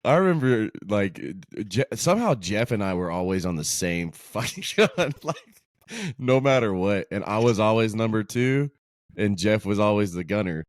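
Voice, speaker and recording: Low-voiced man, easygoing chat. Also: expressive, moderate pace, no room sound, clean studio sound. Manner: easygoing, chuckling, casual swearing. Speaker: podcast co-host, former Marine. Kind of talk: casual chat.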